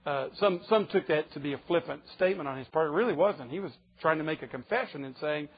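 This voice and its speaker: A man's voice: on the high side, fast, few pauses, breathy edge, highs cut off. A man preaching a sermon, emphatic and pressing his listeners with rhetorical questions.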